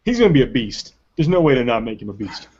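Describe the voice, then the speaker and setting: Excitable man hosting a lo-fi webcast. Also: mid-range voice, fast talker, slightly rough. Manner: animated, laughing, rambling with restarts. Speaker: webcast host. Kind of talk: casual chat with live Q&A.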